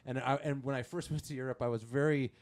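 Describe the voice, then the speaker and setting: A man's voice: medium pitch, steady tone, fast talker. A man hosting a podcast in casual chat, loose and profane, asking his guest questions. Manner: loose, swears freely, asks questions. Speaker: podcast host.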